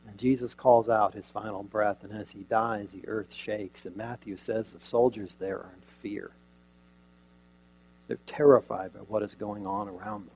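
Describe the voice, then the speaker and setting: A man preaching a sermon, retelling a scene dramatically with rhetorical questions and sudden shifts from loud emphasis to near quiet. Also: lowish voice, fairly even intonation, moderate pace, creaky, a little hiss or hum, rough recording.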